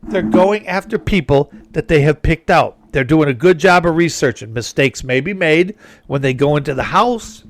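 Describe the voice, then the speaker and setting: This middle-aged man hosts a talk show, his voice a little high and animated at normal speed. He delivers a folksy, meandering opinion piece that heats up when indignation strikes.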